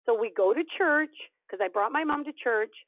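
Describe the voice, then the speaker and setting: A fairly high-voiced woman tells a personal story with lively energy, slipping into the voices of the people in it. The sound is thin and phone-like, and it is dry, with no room around it. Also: normal speed, no echo. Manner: animated storyteller, acts out quoted dialogue. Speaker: podcast guest. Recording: tinny phone-line audio, dry.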